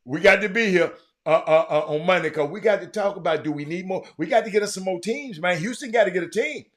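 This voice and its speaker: A high-pitched man hosts a loose, casual show. He calls out loudly to his audience one moment and mutters low the next, repeating himself as he goes. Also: quick pace. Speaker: show host. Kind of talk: casual live-stream chat.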